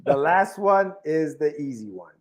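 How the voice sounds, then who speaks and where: Excitable man hosting a podcast. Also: a little high, a little slow, muffled recording. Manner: excitable, playful banter with slang. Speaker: podcast host. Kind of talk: casual chat.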